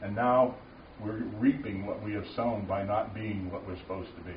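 A man's voice: fairly low pitch, fairly even intonation, normal speed. Passionate preaching man, roomy and distant. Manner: passionate, emphatic, rising to loud declarations. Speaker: Christian speaker at a men's gathering. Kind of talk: informal preaching talk. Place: room with a small audience. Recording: distant, roomy, muffled with faint noise.

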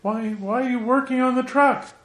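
A man voicing a wealthy, doting older aunt who fusses in high-pitched questions. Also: steady tone, normal speed, a bit bright, reverberant. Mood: puzzled.

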